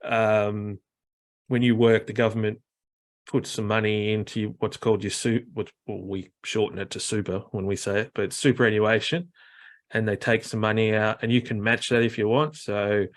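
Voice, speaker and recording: An Australian man chatting casually, rambling with lots of fillers as he explains things. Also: lowish voice. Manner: rambling, many fillers, mimics other accents. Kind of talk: casual chat.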